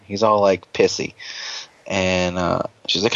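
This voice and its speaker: A man's voice: low-pitched, fairly even intonation, normal speed, fairly bright tone, no echo, muffled recording. A man hosting a podcast, casually recapping an episode in a rambling, joking way with plenty of swearing. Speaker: podcast host.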